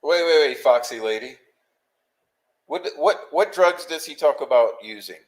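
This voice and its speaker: A man hosting a live stream, chatting casually with quick joking asides. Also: a little high, expressive, low-quality recording. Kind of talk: casual chat.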